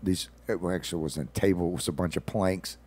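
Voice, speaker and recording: Deep low guy rambling through stories on a radio show, folksy asides. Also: fairly quick, a little mellow, husky. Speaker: regular storyteller on a radio show. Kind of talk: casual radio talk.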